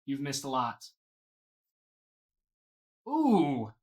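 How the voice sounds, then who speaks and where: A man's voice: medium pitch, huge pitch swings, very slow, darkish tone. A man hosting a live card box break, talking to viewers by name and gushing over each card.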